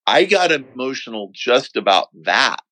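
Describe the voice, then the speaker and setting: A middle-aged man as a podcast guest, slowly and earnestly recounting a personal story in a reflective way. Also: medium pitch, sing-song, bright, forceful tone, no room sound, low-quality recording. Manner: slow, reflective, earnest telling.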